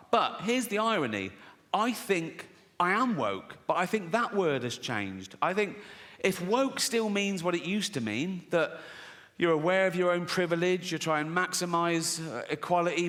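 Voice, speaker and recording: A man's voice: fairly high pitch, a bit bright. A middle-aged man doing a brash, sweary stand-up set on a theatre stage, putting on silly voices for characters. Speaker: stand-up comedian. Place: large theatre stage with a live audience. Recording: long hall reverb, faint crowd.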